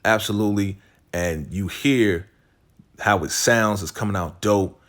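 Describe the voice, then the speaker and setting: Slangy man recapping a show, deep. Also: a little slow, a bit bright. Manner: retells scenes, quoting characters in a lowered voice; slangy, repeats "right?" and "you know". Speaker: TV recap host. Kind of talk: casual episode recap.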